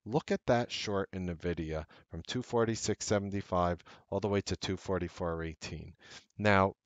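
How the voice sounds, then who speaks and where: A man's voice: sits low, moderate pace, no room sound, dull audio. A man teaching a trading strategy over a chart, stressing key points and repeating them for emphasis. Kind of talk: screen-share trading lesson.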